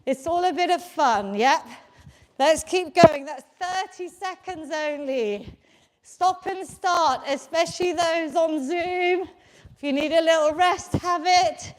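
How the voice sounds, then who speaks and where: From her basement, a woman fitness instructor leads a live home workout, her high voice unhurried and slow. She encourages everyone, counting reps aloud and cheering them on.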